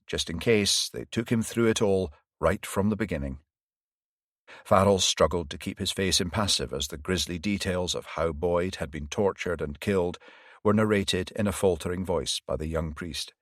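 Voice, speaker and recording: A man narrating an audiobook in an even, measured reading style. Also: sits low, no room sound, studio quality. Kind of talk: scripted narration.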